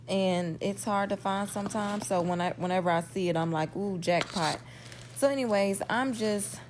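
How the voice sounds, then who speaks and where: A woman's voice: on the low side, a little mellow. A young woman hosting a casual cooking tutorial, chatty and folksy, talking to her viewers as y'all. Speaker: cooking channel host.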